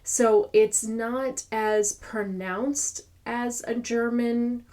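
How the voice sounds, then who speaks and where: A woman teaching pronunciation, repeating each sound slowly to demonstrate it. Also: a little high, a little mellow. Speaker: language teacher. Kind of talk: slow pronunciation lesson.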